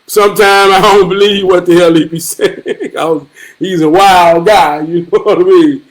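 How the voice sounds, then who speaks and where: A man telling a family story in a profane, animated storytelling vlog, swearing freely. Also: high-pitched, measured pace, poor audio. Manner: animated, swearing freely, repeating himself for emphasis. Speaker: vlogger.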